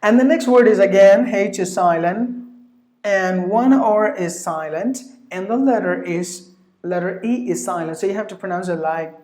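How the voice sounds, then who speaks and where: A woman teaching English pronunciation who repeats each word slowly and spells out its letters. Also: mid-range voice, darkish tone. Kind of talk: pronunciation lesson. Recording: echoey room.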